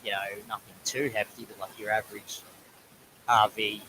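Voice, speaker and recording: A man in his thirties with an Australian accent, a viewer chatting lively and jokingly on a live stream over a webcam. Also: lowish voice, normal speed, a little hiss or hum, rough recording. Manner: lively, joking, says mate a lot. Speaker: guest viewer. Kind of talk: casual live-stream chat.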